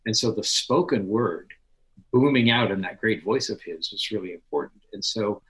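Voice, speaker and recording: Male podcast guest, scholar, animated storyteller, lower voice, conversational. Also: normal speed, low-quality recording. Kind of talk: conversational interview.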